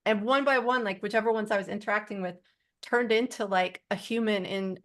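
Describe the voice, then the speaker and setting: A woman's voice: mid-range voice, fairly even intonation, fairly quick. A woman sharing spiritual experiences in a casual group conversation, rambling earnestly with many "like" fillers. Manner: rambling, heavy use of "like" fillers. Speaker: support group member.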